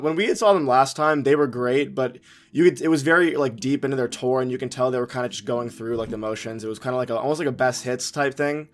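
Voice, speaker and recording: A young man co-hosting a casual podcast, recounting a concert in a laid-back way with lots of ums and uhs. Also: medium pitch. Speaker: podcast co-host.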